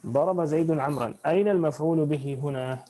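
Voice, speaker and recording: A man's voice: on the high side, racing, dark tone. A man teaching Arabic grammar in an online class, switching between English and Arabic, restarting phrases and quizzing his students.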